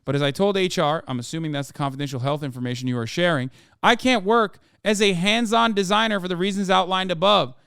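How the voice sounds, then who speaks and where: Streamer doing an Icelandic-accented letter reader. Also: male voice, high-pitched, fast talker, vocal fry, hardly any pauses, a bit bright, clear, resonant tone, no room sound, clean studio sound. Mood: matter-of-fact. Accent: put-on Icelandic. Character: man reading his own open letter in Icelandic accent.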